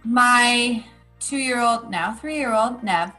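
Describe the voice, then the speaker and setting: A woman in her thirties co-hosts a chatty podcast, telling stories with lively energy and quick laughs. Her voice sits on the higher side. Soft music plays faintly behind her. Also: low-quality recording. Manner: chatty, animated storytelling with laughs. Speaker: podcast co-host. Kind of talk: casual chat.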